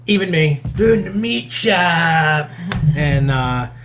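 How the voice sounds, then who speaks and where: A man's voice: a little high, lively intonation, slow, noisy background. A man hosting a casual podcast, talking in a loose, rambling way with lots of fillers. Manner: rambling, with many fillers and restarts. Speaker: podcast host.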